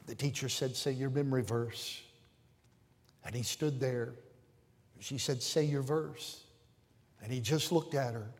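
A male pastor preaching slowly and deliberately from the pulpit of a church with pews. His voice sits at a middle pitch and swells into fervent peaks before sinking to hushed appeals. A long church reverb trails after every phrase. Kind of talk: sermon.

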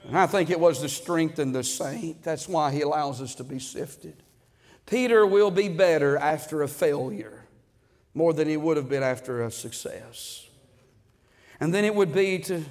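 A man's voice: fairly high pitch, a little slow, a little mellow. A middle-aged man preaching a sermon to a congregation, repeating words and calling out amen. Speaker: pastor. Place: church sanctuary. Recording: long echo of a large hall.

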